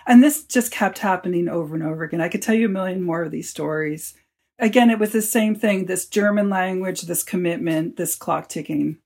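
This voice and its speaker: A woman, an author being interviewed, telling a long story with lively quoted lines. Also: fairly low pitch, brisk, gravelly, breathy edge. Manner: animated storyteller, quotes people in her tale. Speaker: author and guest.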